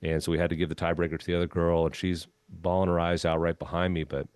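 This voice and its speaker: Deep-voiced guy telling a golf story on a podcast, laid back, lots of ums, dry close sound. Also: fast, clear, resonant tone, no room sound. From Minnesota. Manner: relaxed anecdotal storytelling with frequent "um" and "you know". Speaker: podcast guest, former golf club head pro. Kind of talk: storytelling in a conversational interview.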